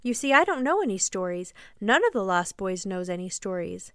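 A woman's voice: medium pitch, sing-song, moderate pace, a bit bright, clean tone, dry recording, studio quality. A woman reading the part of a cunning, boastful boy who never grows up, in a coaxing, sly manner.

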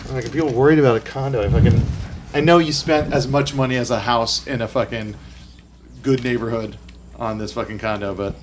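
Guy hosting a loose podcast, mid pitch, rambles and swears a lot, noisy recording. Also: expressive, normal speed, long pauses. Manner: rambling, swears, many fillers. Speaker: podcast host. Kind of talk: casual chat.

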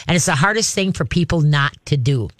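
A man's voice: on the high side, animated, a little fast, a bit bright, no room sound, clean studio sound. A middle-aged man who trains dogs, giving rambling, chatty advice to a caller with lots of "you know"s. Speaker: dog trainer. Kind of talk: call-in advice.

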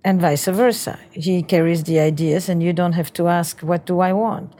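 Low, mellow-voiced woman therapist. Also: fairly even intonation, moderate pace. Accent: Belgian. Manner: probing, builds ideas in repeating patterns. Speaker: couples therapist. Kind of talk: therapy session guidance.

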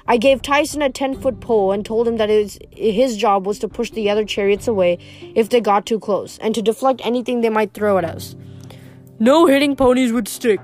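A woman's voice: medium pitch, brisk, darkish tone, soft background music. A woman reading a novel aloud as an amateur audiobook, with frequent slips and restarts. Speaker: audiobook reader.

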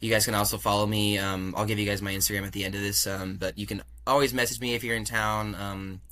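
Young male guest, bright voice; animated, chatty anecdote teller who acts out dialogue. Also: fairly low pitch, fast talker, a little hiss or hum. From California. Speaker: podcast guest. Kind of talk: casual storytelling interview.

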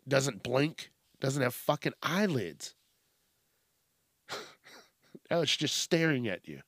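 A man's voice: mid-range voice, very animated, slow pace, pauses often, a bit bright, dry recording, studio quality. A man hosting a podcast, ranting casually in a rambling, profane and self-mocking way. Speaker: podcast host. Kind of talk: casual comedic rant.

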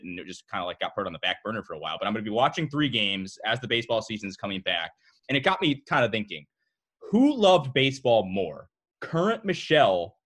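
A man's voice: lowish voice, fairly bright tone. A male co-host in a casual chat, telling stories in a chatty way with frequent restarts.

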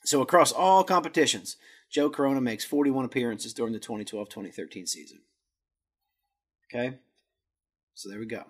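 A little fast and pausing often, a male podcast host with a mid-range voice gives a casual stats rundown of a footballer's career. He stumbles over the Spanish words and makes fun of himself.

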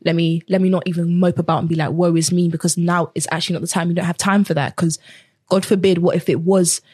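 A young woman tells her own story in earnest, acting out the voices of people she met along the way. Her voice sits a little low and has a husky edge. The recording is dry, with no room sound around her. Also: flat delivery, fast talker, a little mellow, no echo. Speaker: guest. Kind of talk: personal testimony in a conversation.

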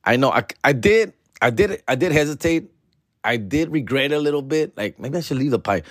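A podcast host rambles through a story alone at home, full of "fool" and "dog". He is animated and slips into Spanish, doing higher voices for family. The sound is dry and close. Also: a little fast, no echo. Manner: slangy, peppered with "fool" and "dog", switches into Spanish. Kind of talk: casual storytelling monologue.

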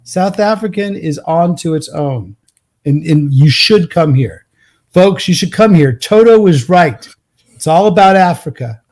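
A man hosting a live show as a guitar mentor, talking in a rambling, energetic way and laughing often. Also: a little high, measured pace. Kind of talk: casual live show chat.

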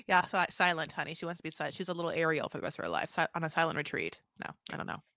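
A woman co-hosting a casual podcast chat, playful and teasing with quick asides. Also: low-pitched, creaky, no echo. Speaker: podcast co-host.

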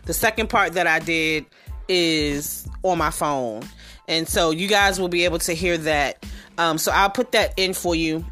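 Woman in her 30s, casual solo podcast, lowish voice, candid and frustrated, faint music behind. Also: a little slow, fairly bright tone. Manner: talks straight to listeners, frustrated and candid. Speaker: podcast host.

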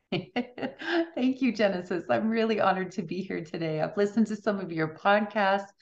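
A woman's voice: medium pitch, animated, a little slow, muffled recording. A middle-aged woman, an author guest on a podcast, telling stories in a chatty way and often laughing. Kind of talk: casual interview storytelling.

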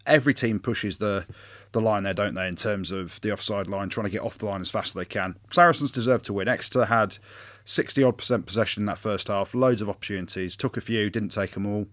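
A man talks rugby on a casual podcast, arguing his case with plenty of energy and quick laughs. His voice sits fairly low. The recording is dry and close, with no room echo. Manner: lively, argumentative, quick to laugh. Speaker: podcast co-host, former rugby fly-half. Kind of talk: casual sports chat.

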